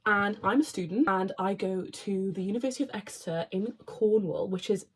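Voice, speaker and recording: A young woman from Wales talks to camera in a casual get-to-know-me style. She is bubbly and chatty, wandering into quick asides as she goes. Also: mid-range voice, husky. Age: young adult. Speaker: vlogger, marine biology student.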